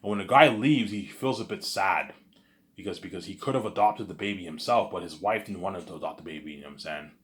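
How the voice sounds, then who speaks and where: A man telling a made-up story in a rambling, casual way, stammering and repeating himself, with bursts of excited asides. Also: low voice, fast. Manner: repetitive and stammering, with constant "you know what I'm saying" fillers. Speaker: storyteller pitching a film idea.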